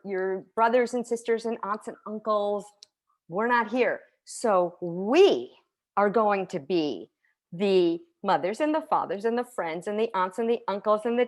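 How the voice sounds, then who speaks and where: A woman teacher talks through an online conference session on a video call. Her delivery is lively and conversational, full of asides and quick checks with her listeners. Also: medium pitch. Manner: lively, conversational, with frequent "right?" and soft laughs. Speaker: teacher giving a conference talk.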